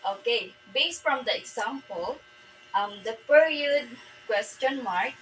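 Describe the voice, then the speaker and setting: A woman with a Filipino accent teaching a grammar lesson, reading aloud slowly with fillers and restarts. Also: on the high side, animated, fairly bright tone, a little hiss or hum, rough recording. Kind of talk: classroom lesson.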